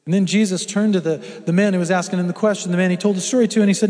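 A man's voice: high voice, steady tone, rapid-fire, few pauses, darkish tone. A middle-aged man from Houston preaching a folksy, humorous storytelling sermon in a church. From Houston, Texas. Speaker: guest preacher. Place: church sanctuary. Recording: long hall reverb.

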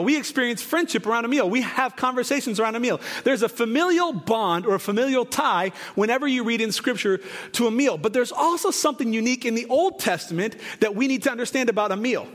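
A pastor in his forties preaching a conversational sermon with jokes and asides, lifting his voice for emphasis. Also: fairly bright tone. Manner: rises in pitch and volume for emphasis. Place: church sanctuary. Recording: long hall reverb.

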